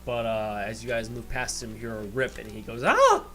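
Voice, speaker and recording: A man running a tabletop game as game master, narrating in a halting way. He restarts his sentences often, with faint music playing behind him. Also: fairly low pitch, little pitch movement, low-quality recording. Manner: halting, many fillers and restarts.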